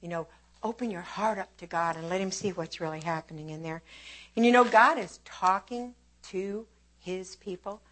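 A woman preaching a sermon with an opening prayer, fervent and emphatic, swinging between hushed and forceful delivery. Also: on the low side, moderate pace.

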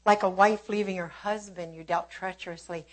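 A woman preaching a sermon with an opening prayer, fervent and emphatic, swinging between hushed and forceful delivery. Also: on the low side, steady tone, normal speed.

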